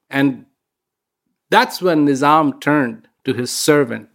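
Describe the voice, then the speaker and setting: Speaking a little slowly in a fairly high, creaky voice, this man delivers a reflective, inspirational talk. His storytelling is conversational, with fillers and repetition of words for emphasis.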